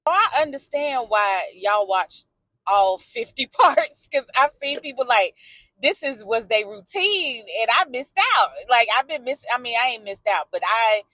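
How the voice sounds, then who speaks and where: A woman's voice: on the high side, bright, forceful tone, no room sound. A woman talking candidly in a personal vlog from her car, emotional and outspoken, swearing and answering back to a story she follows. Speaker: vlogger.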